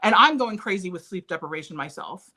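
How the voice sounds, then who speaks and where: A woman's voice: lowish voice, lively intonation, fairly quick, pushed and bright. Earnest woman sharing a personal story. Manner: candid, earnest, recounting painful memories. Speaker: interview guest.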